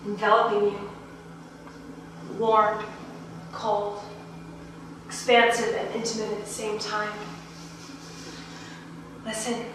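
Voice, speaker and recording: Woman acting out a playful ghost lady, breezy and lecturing, slightly high voice, echoey stage heard from far off. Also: slight background noise. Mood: hushed, dreamy. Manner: breezy, lecturing, then hushed and hypnotic. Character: playful dreamy ghost woman, self-styled genius. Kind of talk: stage play performance. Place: small theater stage. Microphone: distant room mic.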